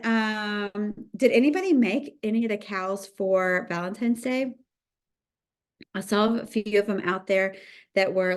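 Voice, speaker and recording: A middle-aged woman, chatting bubbly and casual as she hosts a livestream cookie decorating lesson and greets viewers by name. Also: mid-range voice. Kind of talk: livestream tutorial chat.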